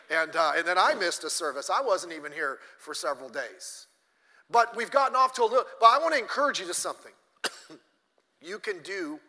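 A man's voice: sits high, bright, forceful tone. A middle-aged man preaching a sermon, telling a story with acted-out lines and blunt, joking asides, coughing now and then. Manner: storytelling, acting out characters' lines. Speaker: pastor. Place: church. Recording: long hall reverb.

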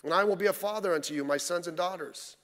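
A man preaches a midweek sermon, his voice sitting notably high for a man. He keeps it folksy and conversational, tossing rhetorical questions at the congregation. The sound rings with a long church-hall reverb. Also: fast talker, a bit bright. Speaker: pastor.

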